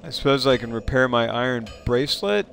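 A man streaming a game live, chatting playfully with viewers and breaking into sudden high exclamations. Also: animated, fairly quick, gravelly, fairly bright tone, soft background music. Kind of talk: casual live-stream chat while playing.

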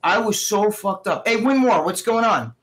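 A man's voice: sits high, moderate pace, crowd noise. A middle-aged man casually telling stories on a live stream, swearing freely and acting out what other people said. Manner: profane, animated, acts out quoted dialogue. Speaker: guest co-host.

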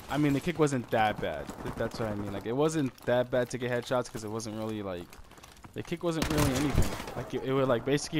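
A young man rambling through his own shooter gameplay with profane trash talk, swearing often and turning excitable. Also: mid-range voice. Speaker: gamer streaming commentary. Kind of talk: profane live gameplay commentary. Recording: noisy gameplay audio with gunfire. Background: game gunfire and clicks.

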